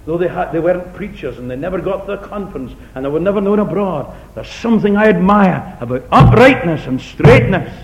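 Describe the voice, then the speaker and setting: A middle-aged man preaching a sermon in a church hall, earnest and dramatic, swinging from loud appeals to hushed near-whispers and repeating key phrases for emphasis. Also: expressive, brisk, few pauses. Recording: echoey, dull recording with low rumble.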